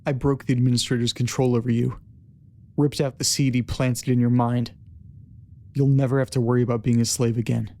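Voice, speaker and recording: A self-assured male demigod, cool and faintly amused, played by the male narrator. His voice is dark and gravelly, held flat and level as he drawls his lines. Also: mid-range voice, close to an everyday voice. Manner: smug, unhurried, drawling. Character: smirking, calm male demigod, Firebrand.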